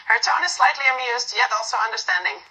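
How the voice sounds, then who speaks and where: A woman narrating a second-person romantic story in a soft, unhurried reading with small slips. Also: on the high side, husky, low-quality recording.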